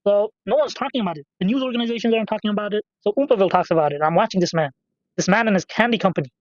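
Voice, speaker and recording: A man's voice: high voice, rapid-fire, no echo, lo-fi sound. A man casually rambling through profane, off-topic stories while commenting on a game he is playing. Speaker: gaming channel host.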